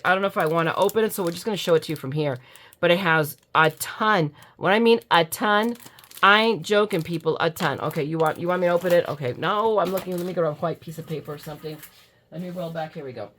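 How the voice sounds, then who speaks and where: Sleepy middle-aged american lady gushing over craft stuff, kinda low voice, chatty. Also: a bit bright, a little hiss or hum. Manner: chatty, gushing, self-mocking, yawning. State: drowsy from allergy medicine. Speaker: crafting YouTuber. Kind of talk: casual unboxing chat.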